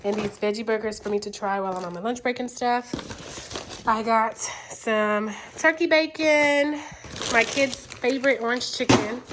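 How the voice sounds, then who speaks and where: A woman's voice: fairly high pitch, background noise. A woman in her thirties vlogging a casual grocery haul, chatty and calling viewers y'all, a little stuffy from a cold. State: stuffy, sniffling.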